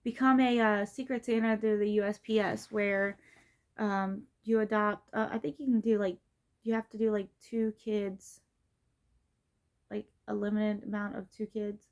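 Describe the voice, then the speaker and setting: A woman's voice: mid-range voice, flat delivery, moderate pace. A middle-aged woman vlogging in a casual, rambling way, with many fillers and restarts. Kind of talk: casual rambling vlog talk.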